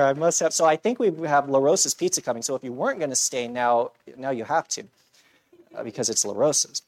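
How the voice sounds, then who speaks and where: A man's voice: mid-range voice, expressive, fast talker. A man preaches in a church, talking to his congregation as if chatting. He jokes at his own expense and keeps checking in with "right?" between his points. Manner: conversational preaching, self-deprecating humor, frequent "right?". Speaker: pastor. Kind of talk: sermon.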